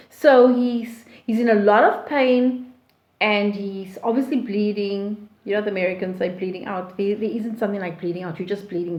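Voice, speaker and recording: Woman teacher explaining a play: high voice, slow and deliberate, roomy echo. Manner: slow, deliberate, with frequent fillers and restarts. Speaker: literature teacher.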